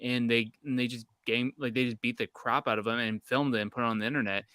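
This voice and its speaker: A man's voice: medium pitch, steady tone, fast talker, sharp tone, clean tone, dry recording. A man from Canada hosting a casual podcast, rambling in a heated, profane way. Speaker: podcast host.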